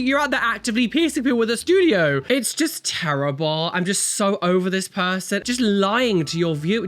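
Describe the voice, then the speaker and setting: A man with a high voice that leaps up and down, reacting with exasperated, animated commentary. His voice sounds slightly croaky as he talks over the clips. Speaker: reaction channel host.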